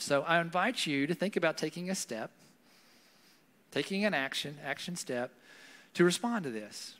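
A man's voice: on the high side, fairly bright tone. A man, a pastor, preaching a conversational sermon in a church with a Southern US accent, often adding "right?" as he talks. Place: church hall. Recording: long hall reverb.

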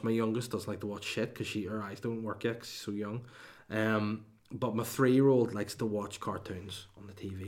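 Sweary comic host. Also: male voice, lowish voice, steady tone, a little fast, darkish tone. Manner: sweary, digressive, mock-outraged. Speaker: comedy podcast host. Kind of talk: rambling comic monologue.

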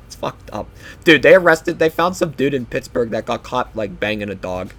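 A man's voice: medium pitch, expressive, moderate pace. A young man talking alone on his podcast, loose and offhand. He wanders from thought to thought, swears freely, and trails off into half-finished sentences. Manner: rambling, profane, offhand. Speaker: podcast host. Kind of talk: solo podcast rambling.

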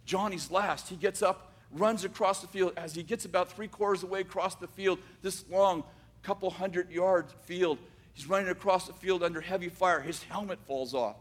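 A man telling a dramatic story, swinging from loud bursts to hushed asides. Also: high-pitched, steady tone, normal speed.

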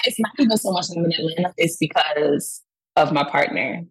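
Brooklyn woman with a new york accent, kinda husky, lowish voice, talks big and laughs a lot. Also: fairly quick, low-quality recording. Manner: animated, laughs often, emphatic. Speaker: guest musician. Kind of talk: casual interview over the phone. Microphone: phone call.

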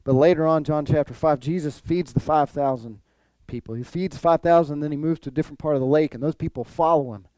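A man preaching a sermon, animated, repeating his phrases and acting out the people he quotes. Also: on the high side, fast talker, few pauses, clear, resonant tone, dry recording. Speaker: pastor.

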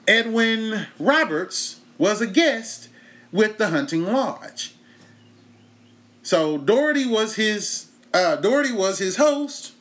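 A man from Texas, hosting a comedy show and telling a story in a profane stand-up monologue. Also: sits high. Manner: profane, animated storytelling, breaks into laughter. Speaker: comedian host.

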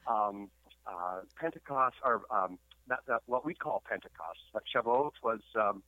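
Canadian-accented pastor phoning in, preachy, stumbles over repeats; thin phone line. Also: male voice, fairly low pitch, a little slow, no room sound. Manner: stammering repeats, preachy emphasis. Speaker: guest pastor and historian. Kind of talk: radio interview, sermon-like storytelling. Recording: tinny phone line, dry.

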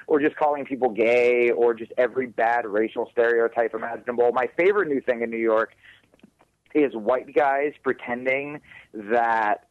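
A man's voice: mid-range voice, moderate pace, no room sound, narrow, tinny audio. A man who does stand-up comedy, talking casually in an interview, rambling, swearing and often laughing.

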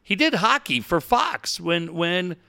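A middle-aged man chats on a talk show, telling stories with energy and a casual curse here and there. His voice sits a bit high and sounds bright and forceful. His pitch swings widely as he gets into a story. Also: takes it slowly, gravelly, clear, resonant tone. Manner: animated storyteller, swears casually. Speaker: radio show co-host. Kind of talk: casual chat.

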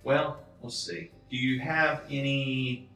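A man's voice: mid-range voice, steady tone, takes it slowly, sharp tone. A man playing a courteous, fussy restaurant customer who orders in long detail and calls the waiter sir, in a live comedy skit. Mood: polite. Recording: echoey hall, voice from a distance, faint music.

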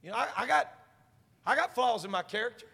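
A senior pastor preaching a sermon, moving from quiet talk to shouted preaching and calling on the congregation to answer him. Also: male voice, very high voice, expressive, quick pace, vocal fry, husky. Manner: call-and-response with congregation. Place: church sanctuary. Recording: long reverb of a church hall.

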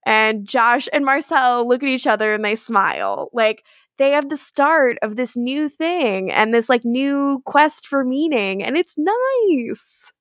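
Higher-voiced woman podcaster, chatty, retelling scenes, swears a bit, dry mic. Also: a little slow, dry recording. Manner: animated retelling with quoted lines and swearing. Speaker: podcast co-host. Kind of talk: casual recap chat.

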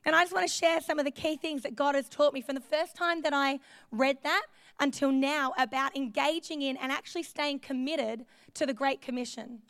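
Woman preacher, high voice, gravelly edge, chatty, self-deprecating, dry sound. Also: steady tone, normal speed, a bit bright, no room sound. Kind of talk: sermon with personal stories. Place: church.

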